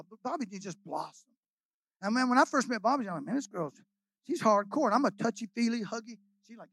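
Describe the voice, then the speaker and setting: A man's voice: extremely high pitch, a bit bright, dry recording, poor audio. An older man, a guest pastor preaching a sermon in a folksy, emotional, rambling storytelling way full of hallelujahs and amens.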